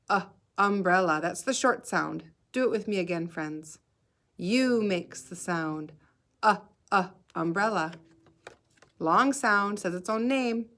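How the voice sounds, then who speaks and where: A woman teaching a phonics lesson to young children, sounding out each letter slowly and clearly and encouraging them to join in. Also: medium pitch, fairly bright tone. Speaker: kindergarten teacher.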